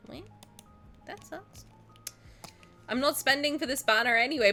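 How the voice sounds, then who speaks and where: A woman's voice: sits high, unhurried, pushed and bright, faint music behind. A woman live-streaming her gacha pulls, chatting with her viewers, cooing at game characters and shrieking in mock protest, swearing freely. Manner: playful, coos at game characters.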